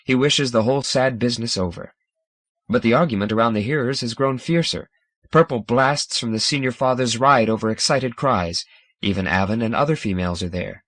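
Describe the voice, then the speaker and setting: A man reading a science fiction audiobook in a dramatic, measured narration style. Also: medium pitch, fairly bright tone, dry recording. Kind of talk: scripted narration.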